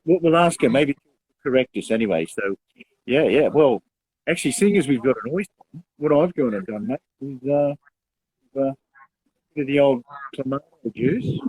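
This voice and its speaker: A young man co-hosting a casual live show, chatty and quick to laugh, calling his partner mate. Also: mid-range voice, expressive, a little mellow, low-quality recording. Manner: chatty, laughs often, says mate a lot. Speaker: co-host.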